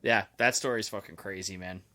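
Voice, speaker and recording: A man's voice: low-pitched, steady tone, a little fast, pushed and bright. A man co-hosting a podcast in casual chat, reacting bluntly and swearing freely. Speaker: podcast co-host.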